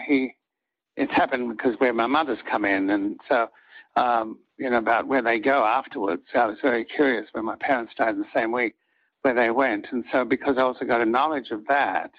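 An older man, an actor guest in an interview, telling reflective stories in an earnest, halting way with many restarts. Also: mid-range voice. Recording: dull lo-fi audio.

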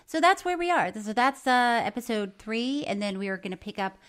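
A woman's voice: a little high, brisk, clean tone. A middle-aged woman co-hosting a casual podcast, reading listener mail aloud and laughing often. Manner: laughs often, reads letters in a lively voice. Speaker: podcast co-host.

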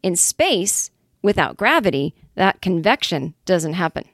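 A woman's voice: fairly low pitch, very animated, a little slow, a bit bright, no echo, clean studio sound. A woman hosting a comedy podcast, reading news items and breaking off into wry, sarcastic asides. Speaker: podcast host. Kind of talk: casual comedic news chat.

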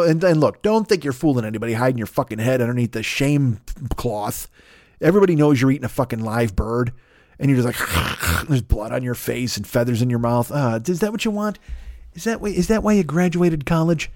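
A man hosting a long-running podcast talks through an absurd comic rant, cursing constantly and tripping over his own restarts. His voice sits at a middling pitch. The sound is dry and close, with no room echo. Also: a little mellow. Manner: profane, digressive, frequent restarts and stammers. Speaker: podcast host. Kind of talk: rambling comedic monologue.

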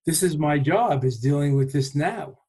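A man in a reflective conversation, speaking in a measured, thoughtful way and often pausing to find his words. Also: a little high, a little mellow, husky, rough recording.

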